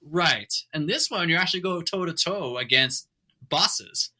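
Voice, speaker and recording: A father who is a guest on a gaming podcast, talking eagerly about a favourite game. His voice is mid-pitched and strikingly bright. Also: expressive, measured pace. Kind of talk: casual chat.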